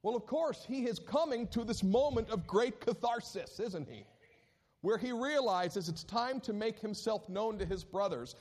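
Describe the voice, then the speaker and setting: A man preaching a sermon as pastor, telling a scripture story with animated delivery and acted-out moments. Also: sits high, normal speed. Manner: animated storytelling, acting out scenes.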